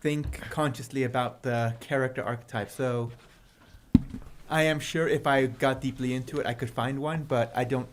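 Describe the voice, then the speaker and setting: A man's voice: medium pitch, normal speed, background noise. A man, a guest author, chatting casually on a livestream and laughing often as he tells stories. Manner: laughs often, animated storytelling.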